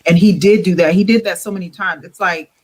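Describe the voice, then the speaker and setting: A woman's voice: on the low side, brisk. A woman joining a podcast over an online call, chatting casually and acting out quotes expressively. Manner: expressive, acts out quotes with laughs. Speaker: podcast guest. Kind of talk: casual chat.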